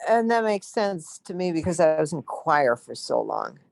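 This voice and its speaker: A woman's voice: low voice, sing-song, moderate pace, creaky, darkish tone, dry recording, studio quality. A woman in a class, asking questions and thinking aloud. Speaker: student.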